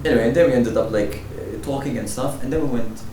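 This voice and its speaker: A man's voice: mid-range voice, fast, warm tone. A young man who hosts a podcast, chatting casually, rambling and joking with frequent laughs. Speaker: podcast host. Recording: roomy echo, distant mic, faint noise.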